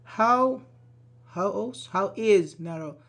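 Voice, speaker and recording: A man's voice: sits high, lively intonation, slow pace, fairly bright tone. A man teaching a live online English grammar class. He is patient and encouraging, praises answers and often checks with "okay?".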